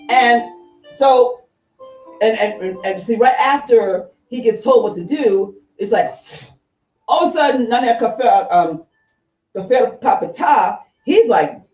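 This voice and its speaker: A woman reverend retelling an ancient tale in a lively, conversational sermon, acting out the characters as she goes. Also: fairly high pitch. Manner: animated, conversational, acts out characters. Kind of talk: storytelling sermon. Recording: echoey room, far from mic, faint music.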